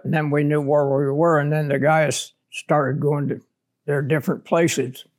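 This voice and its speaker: An older man, a war veteran, recounting his combat memories in a blunt, plainspoken way during an oral history interview. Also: a little high.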